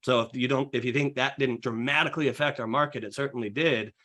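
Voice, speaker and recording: A man's voice: medium pitch, fast. A young man talks shop on a podcast in an ordinary mid-range voice. He speaks with energy, piling on fillers and restarts. He acts out short client and agent exchanges as he goes. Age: young adult. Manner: energetic, filler-heavy explaining with acted client quotes. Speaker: real estate agent, podcast guest. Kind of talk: casual podcast conversation.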